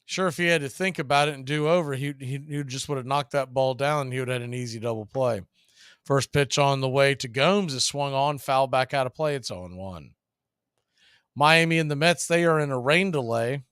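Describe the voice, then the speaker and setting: A man calling live baseball play-by-play on the radio, brisk and rooting for the home team. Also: fairly bright tone, clear, resonant tone, dry recording, clean studio sound. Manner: partisan home-team calls, brisk pitch-by-pitch delivery.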